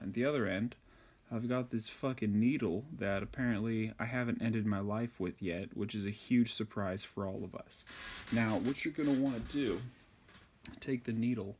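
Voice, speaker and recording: A man's voice: fairly low pitch, darkish tone, breathy edge. A man giving a crude, insulting, rambling comedic tutorial on sewing a button. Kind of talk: profane comedic tutorial rant.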